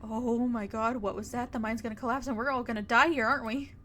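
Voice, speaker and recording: A woman's voice: high voice, animated, normal speed, a little hiss or hum. Woman voicing a jumpy, panicky young woman. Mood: panicked. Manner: panicky, dramatic outbursts.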